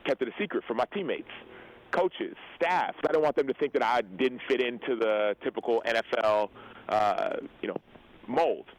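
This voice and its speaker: On a show, a pro football player and author in his thirties tells personal stories candidly, earnest and reflective, acting out remembered dialogue and often checking in with "right?". His voice is mid-range at a moderate pace, and the recording quality is low.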